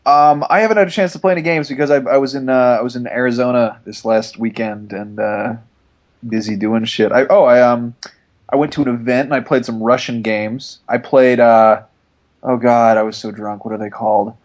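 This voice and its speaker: A young man chats on a podcast in an ordinary mid-pitched voice. He rambles through his story, stopping for fillers and starting sentences over, easygoing and loose. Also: fairly even intonation, moderate pace, lo-fi sound. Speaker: podcast regular. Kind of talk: casual podcast chat.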